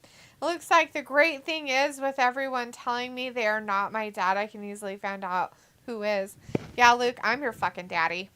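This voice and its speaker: Giggly high-voiced woman streamer. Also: normal speed, sharp tone. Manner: giggly and playful, swears freely. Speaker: livestream co-host. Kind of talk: casual watch-along chat, reading viewer comments aloud.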